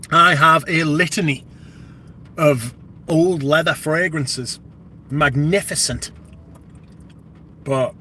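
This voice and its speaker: A man's voice: a little high, bright, forceful tone, slight background noise. A British man hosting a livestream, chatting casually and rambling with plenty of swearing. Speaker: livestream host. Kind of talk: casual live chat.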